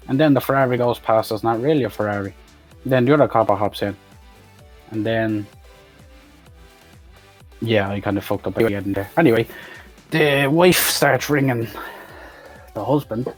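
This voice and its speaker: A man recapping a film in a rambling, sweary, sarcastic way. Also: medium pitch. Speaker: film reviewer. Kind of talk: profane comedic movie recap.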